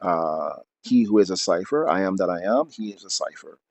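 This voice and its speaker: A man's voice: low-pitched, expressive, moderate pace, vocal fry, no echo. A man reading aloud from his book, then explaining at length off the cuff with many fillers and restarts.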